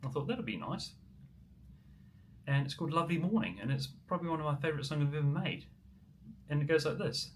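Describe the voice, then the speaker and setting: A man's voice: fairly high pitch, animated, quick pace, pauses often, a little hiss or hum. Chatty New man livestreaming. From New Zealand. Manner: chatty, answers viewer comments, many ums. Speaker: musician livestreamer. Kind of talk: casual livestream chat.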